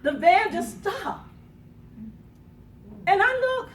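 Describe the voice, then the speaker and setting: A woman motivational speaker tells a dramatic personal story in a conference room, acting out quotes with gasps and bursts of laughter. Her voice is on the high side, very animated and a little slow, recorded from a distance in an echoey room with slight background noise.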